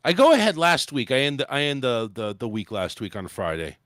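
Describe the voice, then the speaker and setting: A man's voice: medium pitch, sing-song, brisk, a bit bright, dry recording, studio quality. A man hosting a talk show, venting angrily and swearing a lot about his sales job. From United States. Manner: angry, profane ranting. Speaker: host. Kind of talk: casual talk show rant.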